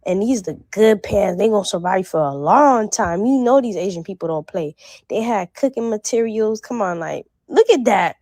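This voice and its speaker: A young woman from the North Miami area talking in a casual shopping vlog, excitable and slangy as she rambles through a list. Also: mid-range voice, normal speed, no room sound. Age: young adult. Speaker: vlogger.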